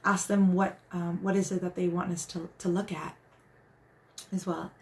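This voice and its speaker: A woman's voice: on the low side, flat delivery, moderate pace, vocal fry, a little hiss or hum. A woman hosting a casual live stream as a spiritual guide, talking in an earnest, encouraging way with many restarts.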